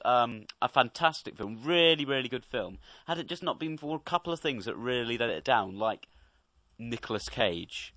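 A man's voice: medium pitch, fairly bright tone, dry recording. A young man co-hosting a casual podcast, giving a chatty, wry film review and laughing easily. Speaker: co-host.

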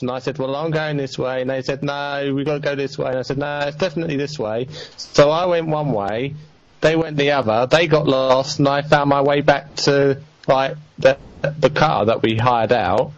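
A man phones in to a radio quiz and tells a rambling story, pausing to hunt for words. His voice is mid-pitched and comes through a dull, muffled line, recorded dry. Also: no room sound. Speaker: caller and quiz contestant. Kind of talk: casual phone-in chat. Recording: dull, muffled call audio.

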